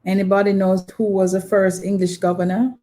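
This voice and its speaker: A woman's voice: medium pitch, level tone, a little fast, dark tone. A woman hosting a live online trivia quiz, patiently repeating her questions and prompting viewers. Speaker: quiz host.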